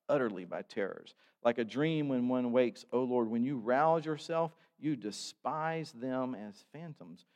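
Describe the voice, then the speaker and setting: Male pastor, conversational sermon delivery, mid-range voice, reads scripture with rising emphasis. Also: mid-range voice.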